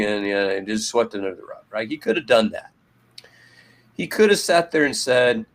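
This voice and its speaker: A man's voice: fairly high pitch, expressive, normal speed. Man ranting hotly about baseball. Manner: profane, ranting, sarcastic. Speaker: podcast co-host. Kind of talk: heated sports talk.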